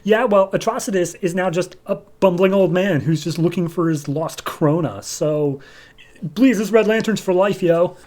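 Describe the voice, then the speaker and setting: A bratty winged villainess, sarcastic and whiny, pitched up in a mocking tone as a man puts her on. Her complaints come out quick and petulant. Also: darkish tone, natural voice.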